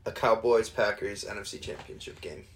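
A young man co-hosting a podcast, chatting casually about sports in a halting, rambling way with frequent restarts. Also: on the low side, little pitch movement, a bit bright. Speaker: podcast co-host.

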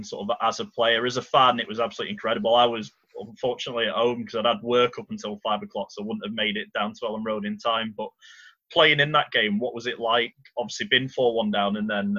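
A man's voice: on the low side, pushed and bright, muffled recording. A man hosting a podcast, asking hesitant, filler-laden questions in a casual interview. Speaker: podcast host.

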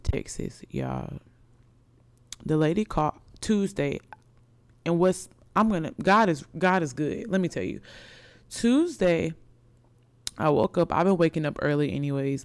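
A young woman vlogging to her viewers in a loose, slang-filled, excitable storytelling style. Her voice is smooth and clean, recorded dry and close with no room around it. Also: sits low, no echo.

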